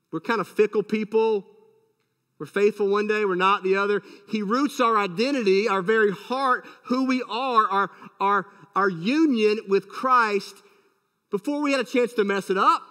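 High-voiced preaching man in a reverberant hall. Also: bright, forceful tone. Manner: emphatic, many rhetorical questions. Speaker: pastor. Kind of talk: sermon.

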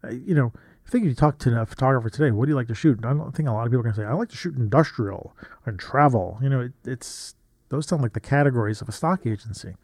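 A man's voice: medium pitch, racing, a little mellow, dry recording, studio quality. A man in his fifties, a photographer, talking casually and reflectively, rambling with frequent restarts and asides as he reads from an old journal. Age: 50s.

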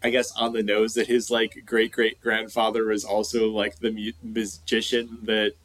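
A man co-hosting a casual movie chat, talking in halting phrases with lots of fillers. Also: fairly low pitch, monotone, a bit bright, dry recording, rough recording. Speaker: podcast co-host.

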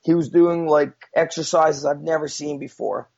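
A man's voice: fairly high pitch, fairly even intonation, normal speed, vocal fry, a little mellow, husky. A man telling a story as a guest in a casual, rambling way, with many fillers and frequent swearing, on a dull lo-fi recording. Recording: dull lo-fi sound.

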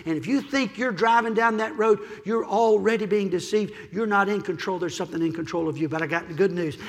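A male pastor preaching a sermon, building from quiet pleading to loud shouting and repeating his key phrases. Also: sits high, a little fast, big-room sound. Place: church sanctuary.

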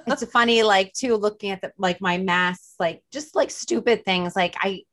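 A woman's voice: medium pitch, normal speed, a bit bright. Chatty woman with a Jersey accent. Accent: New Jersey. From New Jersey. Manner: chatty, lots of "like" and "you know". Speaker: podcast host. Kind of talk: casual chat.

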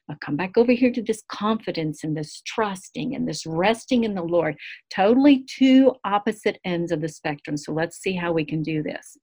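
A woman teaching a recorded Bible lesson over screen share, earnest and animated, acting out the quotes she reads. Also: fairly low pitch. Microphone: screen-share video call.

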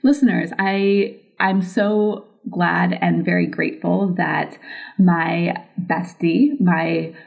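A woman's voice: fairly low pitch, fairly even intonation, takes it slowly, creaky, lo-fi sound. A woman hosting a podcast, bubbly and effusive, laughing often as she chats with her guest. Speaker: podcast host. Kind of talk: casual podcast interview.

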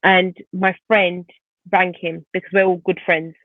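A woman telling her own story as a podcast guest, vivid and animated. Her voice has a gravelly, fry-laden edge. The sound is tinny and phone-like, with a dry, close feel. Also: lowish voice, a little slow, no room sound. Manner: vivid, animated retelling of a painful event. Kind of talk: personal storytelling in conversation.

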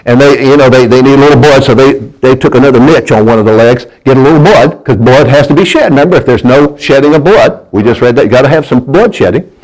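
A man's voice: medium pitch, fast, few pauses, darkish tone, rough recording. A man preaching a sermon, in a folksy manner that keeps asking the congregation to answer back and often stumbles and restarts his words. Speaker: pastor.

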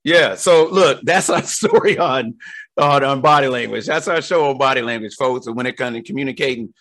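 A man co-hosting a podcast, telling stories in an animated, slangy, casual way. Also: medium pitch, a little fast. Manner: animated storytelling with slangy asides. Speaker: podcast co-host.

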